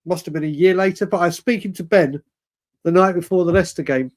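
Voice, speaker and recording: A man in his forties telling a rambling, animated story in casual chat on a fan show. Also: sits high, quick pace. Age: 40s. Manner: rambling, animated, self-correcting.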